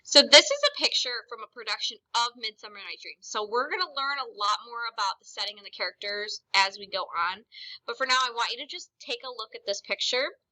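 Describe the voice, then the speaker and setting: A woman teacher talks through a recorded lesson in a clear, explanatory way. Her voice sits a little high and sounds very bright and sharp. She speaks directly to her students. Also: lively intonation, a little fast, rough recording.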